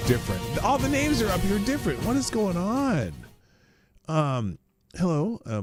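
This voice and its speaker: A man's voice: huge pitch swings, unhurried, over music. A middle-aged man from Omaha hosting a casual livestream, chatting in a rambling, offhand way and swearing now and then. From Omaha, Nebraska. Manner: rambling, chatty, swears casually, jumps between high and low pitch. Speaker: livestream host. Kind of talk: casual live-stream chat.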